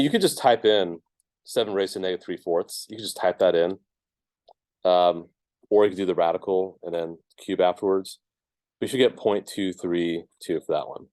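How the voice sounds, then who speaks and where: A man's voice: sits low, moderate pace, a little mellow, no echo. A man teaching a math class, explaining each step casually with lots of ums and checks of "right?". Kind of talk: classroom lecture.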